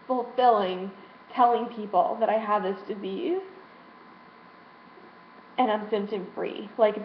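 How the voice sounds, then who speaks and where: A young adult woman speaking frankly about her frustrations in a personal vlog, emotional and swearing freely. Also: on the high side. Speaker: vlogger. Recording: roomy, dull lo-fi sound with faint hiss.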